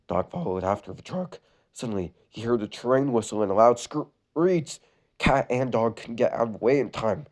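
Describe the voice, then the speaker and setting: A man's voice: fairly low pitch, normal speed, a little mellow. Man reading a story with sarcastic asides. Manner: sarcastic, stumbling over words. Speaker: creepypasta reader. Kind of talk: reading a story aloud with comedic commentary.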